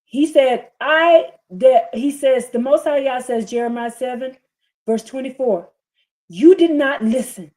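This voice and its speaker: A woman with a higher voice preaches fiercely during a live-streamed sermon, reading scripture in rising, scolding bursts. Her delivery is unhurried and her tone somewhat dark.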